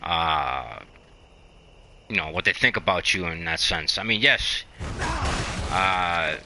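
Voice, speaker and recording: A man's voice: low voice, expressive, slow pace, sharp tone, slight background noise. A man casually chatting while playing a video game, rambling and encouraging, with lots of fillers. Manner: rambling, motivational, many fillers. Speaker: gaming channel host.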